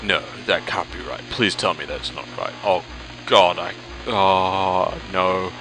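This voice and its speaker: A man commentating a strategy game he is playing, breaking from calm explanation into exasperated, swearing outbursts. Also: deep voice, slow pace. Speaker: let's play commentator. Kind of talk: gameplay commentary. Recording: game music behind voice.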